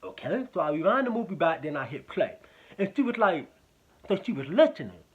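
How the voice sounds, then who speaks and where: Guy with a pretty high voice doing a rambly swear-heavy movie review, sounds tinny like over a phone. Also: sing-song, fairly quick, slightly rough. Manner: rambling, profane, repeats himself. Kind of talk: casual spoken movie review.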